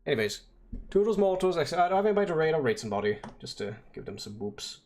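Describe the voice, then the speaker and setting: A man's voice: mid-range voice, sing-song, very fast, gravelly, a little mellow. A man on a casual stream, muttering and swearing at his code as he debugs, then explaining it step by step. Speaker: vtuber streamer. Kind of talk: casual coding stream talk.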